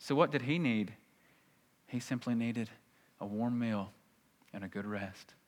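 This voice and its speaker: A man preaching a sermon in church, reading scripture aloud and acting out the people in it with lively energy. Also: medium pitch, measured pace. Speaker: pastor. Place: church sanctuary. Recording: long reverb of a large hall.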